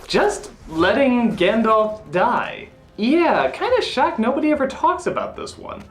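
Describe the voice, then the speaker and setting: A man giving a comedic film review in the style of a famous critic, ranting and sarcastic, breaking into sudden high yells. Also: sing-song, unhurried. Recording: echoey room with faint music.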